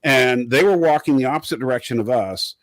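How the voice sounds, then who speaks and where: A man's voice: medium pitch, a little fast. A middle-aged man with a West Coast American accent, telling a rambling story in casual chat as a podcast co-host. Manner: rambling storyteller, many fillers.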